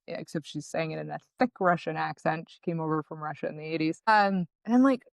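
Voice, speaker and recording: A woman founder being interviewed, telling her story in a lively, conversational way and acting out what people said. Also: low-pitched, fairly quick, gravelly, few pauses, no echo. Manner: animated, conversational, acts out quotes. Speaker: guest, founder.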